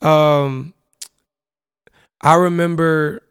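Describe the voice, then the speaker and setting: Gravelly young man reminiscing candidly. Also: on the high side, steady tone, very slow, fairly bright tone, no room sound, clean studio sound. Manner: casual, candid storytelling with slang, profanity and frequent "you know what I'm saying". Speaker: podcast host. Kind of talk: reflective personal monologue.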